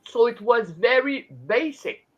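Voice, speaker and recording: A woman's voice: on the high side, expressive, highs cut off. A woman with a French Canadian accent, a native French speaker, chatting casually on a live stream with many restarts. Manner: chatty, halting with restarts, talks with her hands. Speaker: host.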